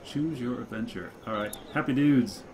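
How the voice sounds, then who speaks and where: A man's voice: medium pitch, moderate pace, darkish tone, a little hiss or hum. A man hosting a casual let's play, reading game text aloud with upbeat reactions. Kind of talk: casual gameplay commentary.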